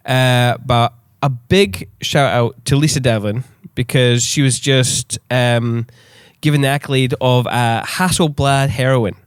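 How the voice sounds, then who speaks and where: A man hosting a podcast in casual chat, excitable, swearing freely and laughing often. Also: medium pitch, a little slow, hardly any pauses, clean tone, no room sound, clean studio sound. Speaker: podcast host.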